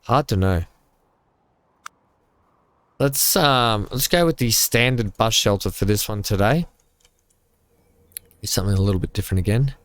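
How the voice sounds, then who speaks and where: A man with a fairly low voice talks his way through a building game from home. He rambles, cracks small jokes and thinks out loud at an easy, casual pace. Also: expressive, moderate pace, long pauses. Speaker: gaming channel host. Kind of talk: casual let's-play commentary.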